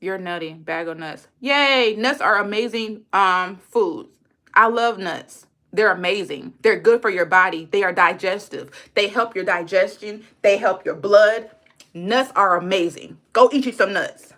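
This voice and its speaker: Bright and forceful, this medium-pitched woman speaks at a measured pace straight to her livestream chat. Her unscripted rant is blunt, angry, and full of swearing, with lines repeated to drive points home.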